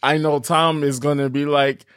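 Podcast host guy, animated storyteller, voice on the high side, dry close sound. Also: normal speed, smooth, dry recording. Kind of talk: casual podcast chat.

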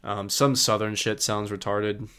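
A man's voice: on the low side, steady tone, unhurried, sharp tone, smooth. An American man co-hosting a podcast, chatting casually and bluntly, with plenty of swearing and filler words. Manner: blunt and profane, lots of "like". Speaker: podcast co-host. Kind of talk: casual chat.

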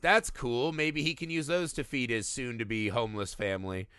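A man in his thirties co-hosting a casual movie discussion, animated and profane, often acting out quotes. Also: medium pitch, moderate pace, slight background noise. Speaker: podcast co-host.

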